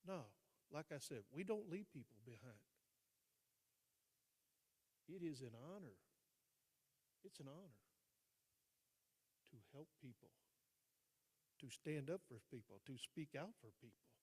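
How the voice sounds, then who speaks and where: An older man, a guest speaker, telling a story in a motivational speech, acting out both sides of a conversation and dropping his voice low for emphasis. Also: expressive, measured pace, pauses often, a little mellow, slightly rough. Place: large hall. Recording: long hall reverb.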